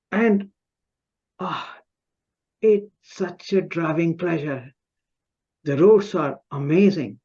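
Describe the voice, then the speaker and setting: A man giving a humorous, self-mocking personal story speech at a club meeting over a video call, pausing and restarting often. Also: a little high, darkish tone, slightly rough, lo-fi sound. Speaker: club speaker.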